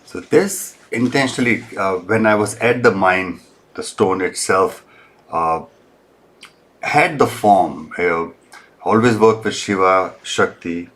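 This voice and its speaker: A man guest on a live crystal show, explaining in a hesitant, halting way with many pauses. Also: sits low, a bit bright.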